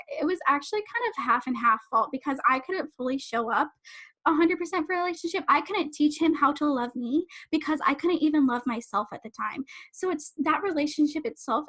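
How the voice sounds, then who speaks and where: A young woman life coach hosting a live online summit, talking fast and rambling in a bubbly, effusive way over a video-call mic. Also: sits high, fairly bright tone. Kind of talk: casual live-stream talk to attendees.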